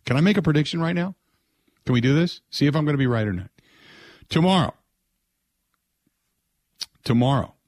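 A man's voice: moderate pace, pauses often, dry recording. A man hosting a sports talk radio show, chatting casually and mimicking others in exaggerated voices. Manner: animated, mocks others in high put-on voices.

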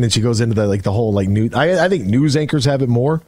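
A man's voice: mid-range voice, fast talker, few pauses, a little mellow, no echo. A man hosting a sports radio show, rambling casually with many fillers. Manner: chatty, rambling, lots of fillers. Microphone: studio microphone.

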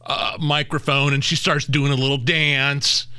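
A man's voice: fairly high pitch, level tone, a little slow, sharp tone, clear, resonant tone, no echo, studio quality. A man co-hosting a talk radio show, blunt and opinionated, often laughing as he talks.

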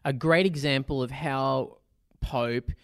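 A man co-hosting a casual film podcast, chatty and quick to laugh, acting out lines from scenes. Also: medium pitch, dry recording, studio quality. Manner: chatty, laughs easily, acts out quotes. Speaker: podcast co-host.

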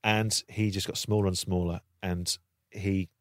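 A British man telling a long anecdote in casual chat, lively and acting out the voices of the people in it. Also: low voice, a little slow, no room sound, studio quality. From Britain. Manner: animated storytelling, acting out voices. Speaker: guest storyteller.

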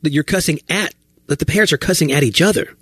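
A man's voice: on the high side, quick pace, a bit bright, breathy edge, no echo. A man co-hosting a podcast in casual chat, laughing often as he tells a funny story. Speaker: podcast co-host.

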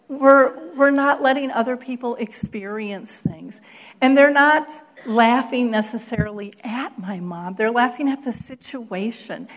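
A middle-aged woman giving a keynote talk, telling a story with lively acted quotes and frequent laughter. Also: on the high side. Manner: animated storyteller, acts out quotes, laughs often. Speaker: keynote speaker.

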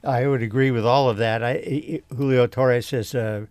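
Gravelly-voiced male film critic. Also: medium pitch, fairly even intonation, moderate pace, darkish tone, no echo. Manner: rambling, many restarts. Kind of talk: radio film review chat.

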